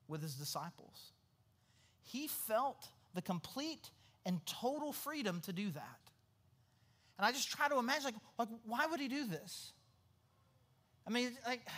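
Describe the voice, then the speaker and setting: A man's voice: high voice, sharp tone. A man preaching a sermon in a loose, conversational manner. He drifts into a casual, everyday voice when acting out quotes. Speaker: pastor.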